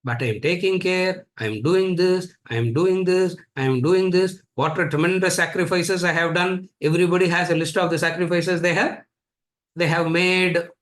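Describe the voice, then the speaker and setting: A man's voice: sits high, moderate pace, fairly bright tone. A man with an Indian accent teaching a spiritual lecture class, repeating points emphatically and teasing his students. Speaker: Vedanta teacher.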